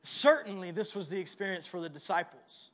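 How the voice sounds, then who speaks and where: This young pastor speaks in a high-pitched, expressive, fairly quick voice with a fairly bright tone. His sermon feels like a conversation, opening with a self-deprecating story and then growing earnest and comforting.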